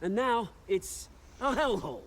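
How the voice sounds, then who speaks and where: An actor playing a brash British male street tough who is an old friend, cocky and animated, in a video game. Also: high-pitched, unhurried. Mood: wistful. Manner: cocky, animated, drops to brooding.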